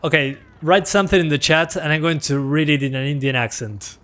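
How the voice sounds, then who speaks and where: A man whose first language is Spanish, streaming a game in English, rambling in a relaxed, self-deprecating way and reading his chat aloud. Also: fairly high pitch, a little fast. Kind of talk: casual gameplay chat.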